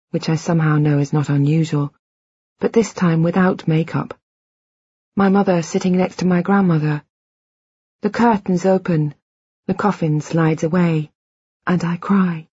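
Woman narrator, very husky voice, lowish pitch, measured reflective audiobook reading, muffled dry recording. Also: dark tone, dry recording. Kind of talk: first-person audiobook narration.

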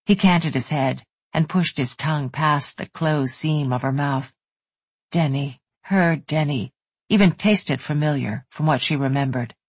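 Husky, intimate audiobook narrator. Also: mid-range voice, dry recording. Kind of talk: scripted romance narration.

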